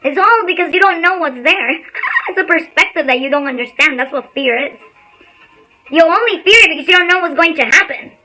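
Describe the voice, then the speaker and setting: Bright, high-voiced woman telling stories. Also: a little fast, soft background music, low-quality recording. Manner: animated storyteller, blunt and swears casually. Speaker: spiritual insights channel host. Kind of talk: casual motivational talk on a livestream.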